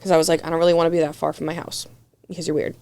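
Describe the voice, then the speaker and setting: A woman's voice: low voice, little pitch movement, racing, dark tone. A young woman, a podcast guest, telling a dating story in casual chat, candid and profane, full of "like" and acted-out quotes. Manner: candid, profane, heavy "like" filler, acts out quotes.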